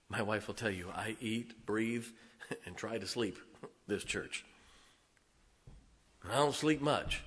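A middle-aged man preaching a sermon as pastor. He swings between loud, emphatic lines and quiet, confiding asides, chuckling often. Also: medium pitch, in a large hall. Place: church sanctuary.

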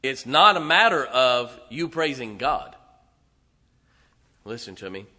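A man, preaching emphatically as a pastor and now and then singing slowly. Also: mid-range voice, sing-song, pushed and bright. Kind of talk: sermon. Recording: reverberant church hall.

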